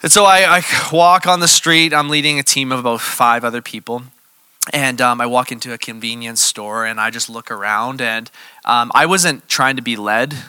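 A man preaching in a casual, conversational way, telling a story and acting out the dialogue with lively energy. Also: mid-range voice, normal speed, clean tone, dry recording. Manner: animated, acts out quoted dialogue; casual, conversational, uses fillers like "like" and "you know". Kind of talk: sermon storytelling.

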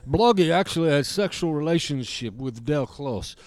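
A man's voice: on the high side, expressive, moderate pace, close to an everyday voice. A man voicing a summoned male spirit from Eastern Europe with a put-on accent, who talks about himself in the third person in broken English. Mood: boastful. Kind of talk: improvised comedy podcast bit.

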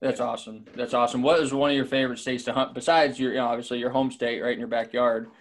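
A man hosting a podcast, asking questions in a relaxed, easygoing way and answering with short affirmations. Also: medium pitch, fast talker. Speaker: podcast host. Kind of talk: casual podcast interview.

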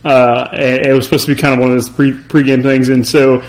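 A man's voice: medium pitch, little pitch movement, fairly quick, rough recording. A man co-hosting a sports podcast in casual chat, rambling with many restarts and chuckles. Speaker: podcast co-host.

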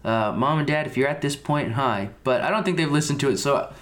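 A young man co-hosting a casual podcast, joking quickly and giggling as he teases his friends. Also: medium pitch, a bit bright. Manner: teasing, quick jokes, giggly. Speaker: podcast co-host.

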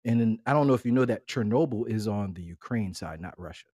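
A man's voice: on the low side, lively intonation, quick pace, dark tone, slightly rough, no echo, studio quality. A middle-aged man co-hosting a casual family podcast, talking in a laid-back, rambling way and laughing often. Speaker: podcast co-host.

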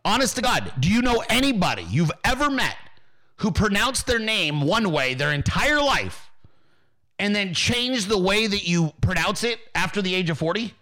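Man, high-pitched, very animated, bright voice, profane mocking rant, commentary host. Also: normal speed. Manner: loud, mocking, swears constantly. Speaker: political commentary streamer.

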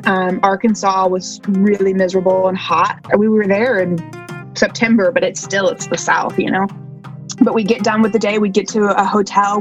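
A woman's voice: medium pitch, poor audio. Chatty self-deprecating woman runner. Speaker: long-distance runner guest. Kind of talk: casual interview chat.

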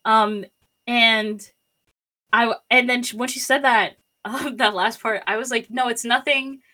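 A woman's voice: on the high side, fairly even intonation, measured pace, sharp tone. Young woman rambling through a personal story. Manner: rambling, filler-heavy, acts out quotes. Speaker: storyteller guest.

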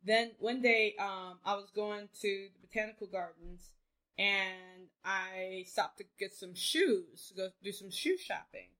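A woman's voice: mid-range voice, unhurried, bright, forceful tone. A woman telling a story in casual chat, brash and joking with tough talk.

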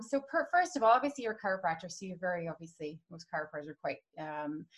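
A woman's voice: mid-range voice, a bit bright. A woman hosting an interview, chatty and loose, with many fillers. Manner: chatty, many ums and you-knows. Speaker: podcast host interviewing a chiropractor. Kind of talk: casual interview chat.

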